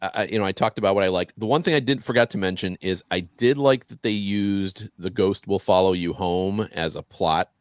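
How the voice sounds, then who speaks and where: A man's voice: deep voice, fairly quick, hardly any pauses, no echo, studio quality. A man co-hosting a podcast in casual chat, hesitant with many restarts. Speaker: podcast co-host.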